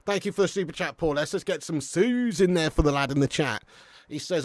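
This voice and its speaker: A man's voice: fairly high pitch, a little fast, no echo. Chatty English man commentating a match. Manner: lively, chatty, says lad and mate a lot. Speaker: host of a live football watch-along. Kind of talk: live match commentary and chat reading.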